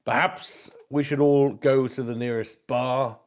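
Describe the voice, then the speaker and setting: A man's voice: mid-range voice, steady tone, a little slow, pitched above the performer's own voice, close to an everyday voice. A man voicing a formal dragon-order envoy. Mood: calm.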